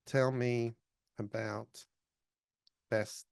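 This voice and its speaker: A man's voice: mid-range voice, level tone, very slow, vocal fry, clear, resonant tone. A man presenting a live demo at a conference, chatty and apologetic, with many fillers. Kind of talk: live tech demo talk.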